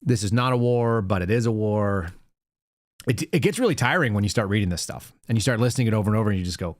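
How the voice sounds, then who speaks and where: A man's voice: lowish voice, fast, no room sound, studio quality. Sarcastic male host reading the news. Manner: sarcastic, wry, reading headlines aloud. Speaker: podcast host. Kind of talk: live-stream commentary.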